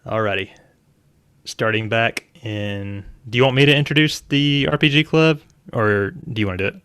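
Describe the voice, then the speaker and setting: A man co-hosting a podcast in casual chat, relaxed and laughing as he steers the running order. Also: on the low side, normal speed, clean tone, no echo, studio quality. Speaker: podcast co-host.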